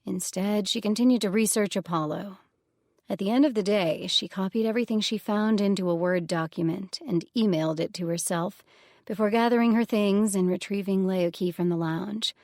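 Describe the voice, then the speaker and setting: Gravelly woman reading a fantasy audiobook. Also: mid-range voice, moderate pace, a little mellow, dry recording, clean studio sound. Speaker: audiobook narrator. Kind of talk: scripted fantasy audiobook narration.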